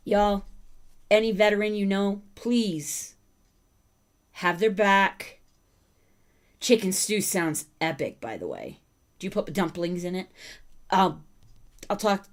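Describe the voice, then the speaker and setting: A woman hosting a casual livestream, chatting with viewers and breaking off to talk to her dogs. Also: on the low side. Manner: chatty, talks to her dogs and chat between thoughts. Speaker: livestream host.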